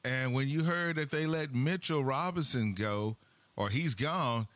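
A man hosting a casual sports talk show in a relaxed way, steering the conversation between topics. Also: mid-range voice, a little slow, no echo.

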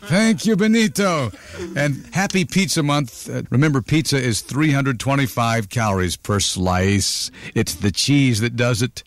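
A man's voice: mid-range voice, animated, a little slow, dry recording. A man hosting a radio countdown show, chatting playfully with callers and teasing them.

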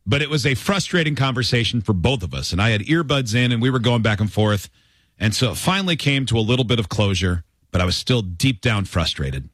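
A man's voice: medium pitch, a little fast, no room sound. A man in his twenties hosting a talk radio show in a studio, telling stories with self-mocking humor. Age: 20s. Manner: animated storyteller, self-mocking. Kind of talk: lively talk radio chat, reading listener stories.

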